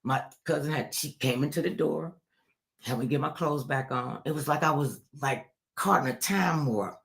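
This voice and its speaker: An older woman telling a personal story in a casual interview, animated and expressive. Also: moderate pace, gravelly. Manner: animated, acts out quoted voices with big pitch jumps.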